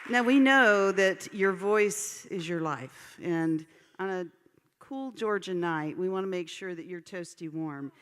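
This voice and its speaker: A woman's voice: fairly low pitch, measured pace, clear, resonant tone, a faint crowd. A woman hosting a live event, thanking the guest and presenting a gift in a polished manner. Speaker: event host. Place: large event hall. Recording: hall reverb with audience.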